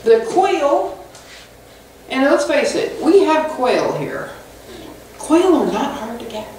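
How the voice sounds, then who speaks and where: A woman pastor preaching a conversational sermon with animated, humorous storytelling, recorded in a church sanctuary away from the mic. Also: high voice, slow pace, a little hiss or hum. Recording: echoey hall from far off.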